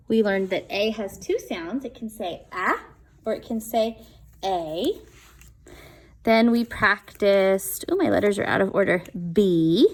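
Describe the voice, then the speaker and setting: A woman teaching young children their letters in a patient, sing-song way, sounding out each letter slowly. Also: medium pitch. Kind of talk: teaching a children's alphabet lesson.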